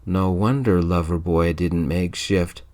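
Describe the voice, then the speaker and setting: A man doing a gruff teasing coworker, soft-spoken. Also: sits low, steady tone, unhurried. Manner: teasing, snickering, drawn out. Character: gruff young male coworker, teasing and crude. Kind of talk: whispered role-play.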